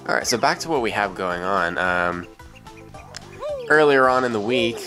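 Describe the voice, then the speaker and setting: Low-voiced young man rambling through a game. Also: expressive, moderate pace. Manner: rambling, joking, lots of fillers. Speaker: let's play commentator. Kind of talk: casual gameplay commentary. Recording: game music loud behind. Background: game music.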